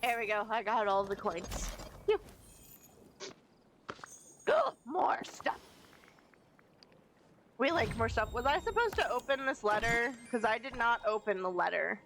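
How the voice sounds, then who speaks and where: Chatty woman streamer, slightly high voice. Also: expressive, fairly quick, music in the background, rough recording. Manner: chatty, playful, self-deprecating asides. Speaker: game streamer. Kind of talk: casual live-stream commentary.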